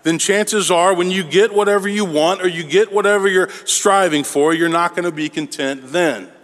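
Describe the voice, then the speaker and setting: An earnest male pastor delivers a sermon at a measured pace, drawing out the words he wants to land. His voice sits a little high. A long reverb trails behind him, as in a large church. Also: a bit bright. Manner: measured and earnest, with drawn-out emphasis.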